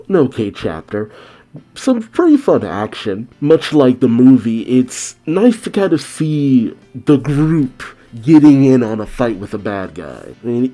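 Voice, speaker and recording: A man recapping a comic chapter scene by scene with casual asides of his own. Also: fairly low pitch. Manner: steady storytelling narration with casual asides. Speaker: manga reaction host. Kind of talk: manga chapter recap and commentary.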